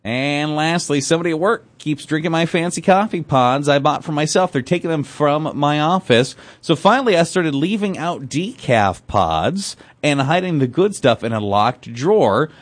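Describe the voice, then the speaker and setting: A man's voice: fairly high pitch, lively intonation, moderate pace, hardly any pauses, no echo. A man hosting a morning radio show, joking around and reading listener messages aloud in casual banter.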